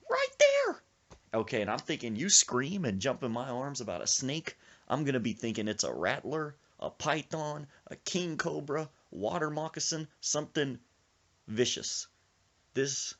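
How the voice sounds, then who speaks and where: A man hosting a podcast, telling a comic story in an animated way and acting out the voices in it. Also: lowish voice. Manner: animated, acts out the voices he tells about. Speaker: podcast host.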